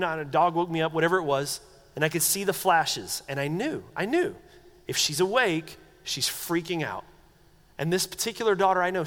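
A middle-aged male pastor preaches in an earnest, conversational way, his voice pitched notably high. He often sinks into soft, quiet tones for tender moments. A long reverb trails his words, as in a church sanctuary. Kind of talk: sermon.

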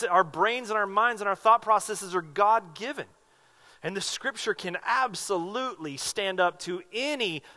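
A man's voice: sits high, sharp tone. A man preaching a sermon as pastor, earnest and emphatic, repeating phrases for weight.

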